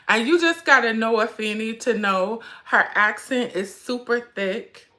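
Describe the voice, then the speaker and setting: Woman, forties, casual livestream chat, slow unhurried talk, bright voice, emotional, holding back tears. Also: on the high side. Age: 40s. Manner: chatty, addresses viewers as y'all. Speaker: handbag vlog host.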